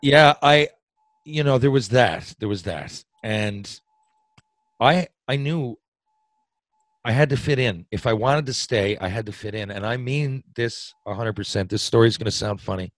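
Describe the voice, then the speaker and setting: On a rough recording with no room sound, a podcast guest from Newfoundland, Canada speaks in a Newfoundland accent at medium pitch and normal speed. His long hockey story rambles, with self-interruptions, casual swearing and easy laughter.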